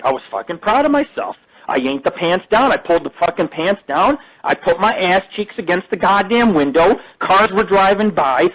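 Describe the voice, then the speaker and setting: Brash male host, profane and boastful, voice sits a bit high. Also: low-quality recording. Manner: loud, crude, boastful storytelling. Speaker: radio show host. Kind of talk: rambling profane casual talk. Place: home studio.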